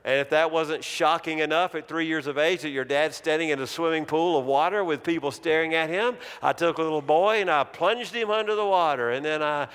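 A middle-aged male pastor delivers a storytelling sermon in a slightly raised, smooth and resonant voice. He slows down and drops to a near hush on the words he wants to land. The sound carries a long echo from a large church sanctuary. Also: on the high side. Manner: dramatic storytelling, slowing and dropping to a hush on key words. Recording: long reverb of a large hall.

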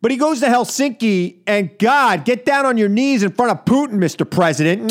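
A man's voice: very high voice, animated, moderate pace. A man hosting a political talk radio show, delivering an indignant, emphatic monologue with lots of repetition. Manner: indignant, emphatic, repeats for effect.

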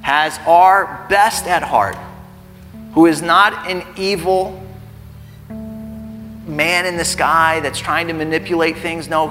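With a fairly high pitch and fairly bright tone, a thirty-something pastor preaches a sermon, moving from conversational talk to earnest emphasis. Faint music sounds in the reverberant church sanctuary.

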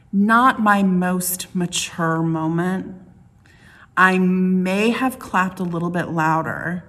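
A middle-aged woman pastor delivering a conversational sermon, telling stories with playful asides. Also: lowish voice. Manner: chatty storytelling with playful asides.

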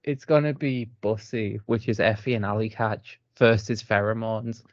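A man co-hosting a casual wrestling chat, animated and joking, talking in quick bursts. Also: fairly low pitch, dry recording. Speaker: podcast co-host. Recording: dull lo-fi sound.

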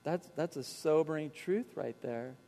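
A man's voice: a little high, measured pace, vocal fry, big-room sound. A man preaching a sermon as pastor, telling personal stories and acting out the dialogue with animation. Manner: storytelling, animated retelling with quoted dialogue.

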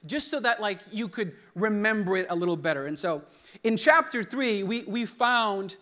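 A man's voice: high-pitched, expressive, normal speed, bright, forceful tone. A young man preaching a sermon in church, loose and joking, with restarts, calling on the congregation to repeat words. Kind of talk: sermon with congregation call-and-response. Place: church hall.

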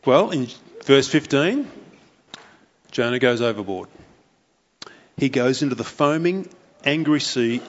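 A man preaching a sermon, telling a Bible story with animated flair and briefly voicing its characters. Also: mid-range voice, a little slow, long pauses. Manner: animated storytelling, acting out the sailors' voices. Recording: dull lo-fi recording.

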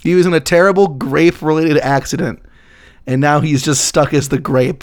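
A man's voice: a little high, steady tone, normal speed. A young man co-hosting a comedy podcast, riffing crude jokes and laughing often. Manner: laughing, riffing, swearing, silly bits. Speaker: podcast co-host.

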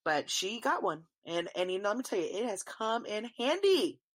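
A woman's voice: medium pitch, sing-song, normal speed. A young woman, chatting casually on her podcast, rambling and swearing freely. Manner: rambling, swears freely, talks to listeners as y'all. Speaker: podcast host. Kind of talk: casual solo chat.

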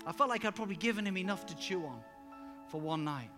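A man preaching a sermon with personal stories, emphatic and animated, sometimes rising to loud exclamations. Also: high-pitched, quick pace. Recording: reverberant hall with music underneath.

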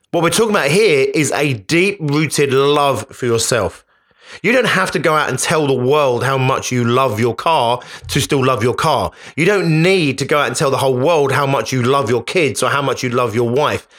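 A man's voice: medium pitch, a bit bright. A man hosting a podcast, speaking in an emphatic, conversational motivational monologue that often repeats itself. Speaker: podcast host.

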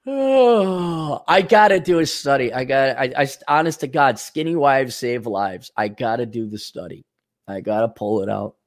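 A man's voice: mid-range voice, normal speed. A man hosting his own show, rambling in a profane, sarcastic monologue. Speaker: show host.

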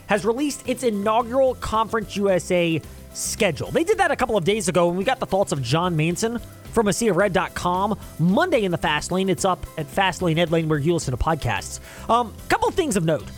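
A man's voice: high voice, expressive, fairly quick, faint music behind. A man hosting a sports talk show, chatting casually with rambling asides. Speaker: sports talk radio host.

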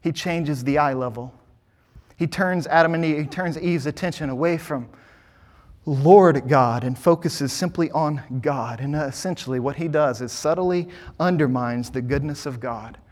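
Man, pastor, sermon, emphatic, rhetorical questions, higher-pitched voice. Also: moderate pace, a little mellow.

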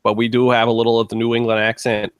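A man's voice: mid-range voice, monotone, quick pace, smooth, dry recording. A man co-hosting a podcast in casual chat, rambling and laughing easily. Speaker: podcast co-host.

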